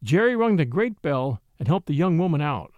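A man reads a classic story aloud with expressive, scripted narration. His voice sits high and moves through a wide, animated range. The sound is dry and close to the mic. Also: normal speed, no echo, dull audio. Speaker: audiobook narrator.

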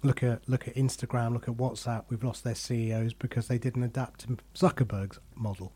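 A man's voice: medium pitch, flat delivery, a little fast, dark tone, breathy edge. A middle-aged man hosting a podcast, chatting casually and telling self-deprecating stories from his career. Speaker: podcast host. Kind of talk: casual conversation.

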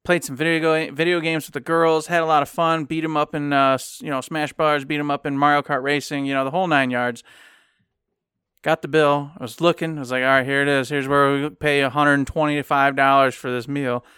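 A man from Michigan spins a long, rambling story in a fairly high, smooth voice. He slips into the voices of the people he quotes. His dry, close sound fits a casual chat show. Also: level tone, fairly quick, sharp tone, no room sound. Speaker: podcast co-host.

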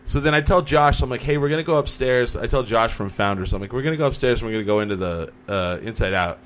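This is a young man hosting a casual podcast chat. He tells his stories with energy and acts out what other people said. His voice sits at an ordinary pitch. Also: fast talker. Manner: animated storyteller, acts out quotes. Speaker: podcast host.

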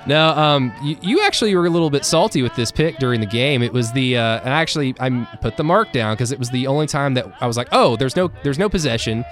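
A man of middle pitch recaps a game on a casual sports podcast, chatty and joking. He talks through plays in a loose, conversational way, with fillers and restarts along the way. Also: expressive, fast talker, few pauses, fairly bright tone, faint music behind. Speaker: podcast co-host.

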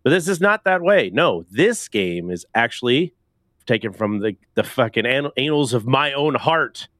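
A man's voice: medium pitch, expressive, normal speed, fairly bright tone, dry recording, clean studio sound. Rambling, laughing podcast host man. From Canada. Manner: loose, rambling, laughs often. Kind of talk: casual podcast chat.

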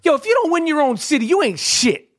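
A man's voice: very high voice, sing-song, fast talker, fairly bright tone. A middle-aged man, ranting heatedly and swearing often, stumbling over repeated words as he talks on a podcast. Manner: fired-up, profane, repeats words when searching. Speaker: podcast co-host. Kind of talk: heated casual rant.

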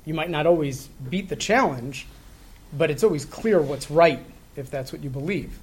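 A middle-aged man telling a story in a conversational way, halting with many fillers and restarts, earnest and reflective. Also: on the high side, slightly rough.

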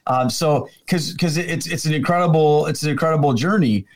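A man's voice: a little high, a little fast. A man who is a Catholic speaker and former pastor, talking as a podcast guest in a friendly, rambling way and spelling out details carefully. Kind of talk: casual interview conversation.

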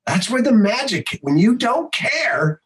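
A man who works as a voice actor and improv teacher, talking in a casual podcast interview in an animated way, swearing freely and slipping into quick voices. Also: high-pitched, poor audio.

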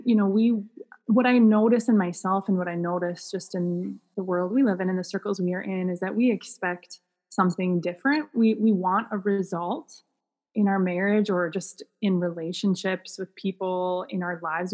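A woman guest author speaking on a podcast interview. Her voice is husky and breathy, and she answers in a thoughtful, unhurried way with many fillers. The recording has a long reverb from the room. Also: mid-range voice, steady tone, a little mellow.

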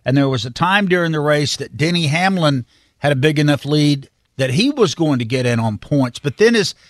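A man reporting on motorsports for a morning radio show, explaining the season in a steady, knowledgeable way. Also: fairly high pitch, moderate pace, no room sound, clean studio sound. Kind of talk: sports analysis on a radio call-in segment.

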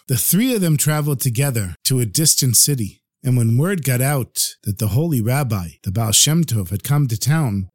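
A man telling a traditional tale as a podcast storyteller, in an expressive, lively way. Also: medium pitch, dry recording, clean studio sound.

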